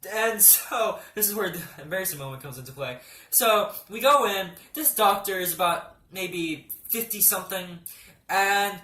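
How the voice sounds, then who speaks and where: Animated, swearing young man telling a story. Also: high-pitched, moderate pace. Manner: animated, swearing, laughing outbursts. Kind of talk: casual storytelling. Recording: roomy echo.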